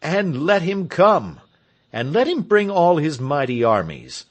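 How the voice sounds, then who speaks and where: Male narrator voicing William Tell: resolute folk hero, declamatory, slow and sweeping delivery. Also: fairly high pitch, big pitch swings, voice pushed up. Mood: rousing. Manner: stirring, declamatory. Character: William Tell, resolute heroic marksman leader. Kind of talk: audiobook character reading.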